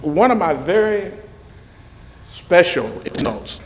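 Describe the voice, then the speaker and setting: Slow-talking older man. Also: high voice, sing-song, a little hiss or hum, low-quality recording. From Mobile, Alabama. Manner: slow, warm storytelling with joking asides. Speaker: retired news anchor. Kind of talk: heartfelt speech.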